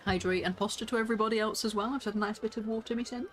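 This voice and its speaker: A woman's voice: mid-range voice, steady tone, racing, soft background music. A woman streaming a game, chatting playfully with viewers and reading character lines aloud with lots of laughter.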